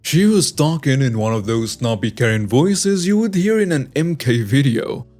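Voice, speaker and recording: A man narrating scripted online stories in an animated storytelling manner, reading lists item by item. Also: medium pitch, normal speed, soft background music.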